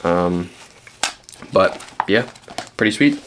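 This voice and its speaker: A man's voice: deep voice, animated, slow, fairly bright tone, slight background noise. A young man from Canada, chatting casually and rambling with lots of ums while showing the books he found. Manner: rambling, self-deprecating, many ums and restarts. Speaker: book vlogger.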